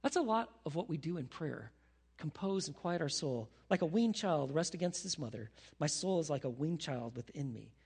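A man preaching a sermon as pastor, animated, dropping to a hushed voice when he prays. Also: on the high side, normal speed, husky, long reverb tail. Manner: animated, drops to a hushed voice for prayers.

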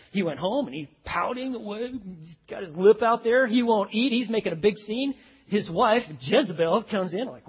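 A man's voice: high-pitched, slightly rough, in a large hall, highs cut off. A man preaching a sermon, telling stories and acting out the voices of the people in them. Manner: animated storytelling, acts out quoted voices. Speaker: pastor.

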